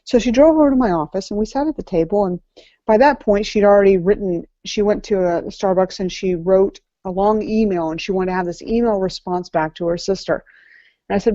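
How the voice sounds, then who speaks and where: A woman life coach delivers a motivational talk at an event with a mellow, warm tone. She is earnest and repeats key lines for weight. The sound is dry and a little muffled. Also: medium pitch, a little fast, no echo. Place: event venue before an audience. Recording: slightly muffled, dry recording.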